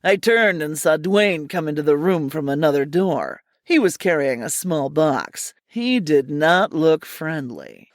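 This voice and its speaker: Woman reading a comic noir story, dry wry delivery, pitch all over the place. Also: a little slow, few pauses, dry recording. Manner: wry, deadpan, theatrical. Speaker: narrator. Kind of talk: hardboiled storybook narration.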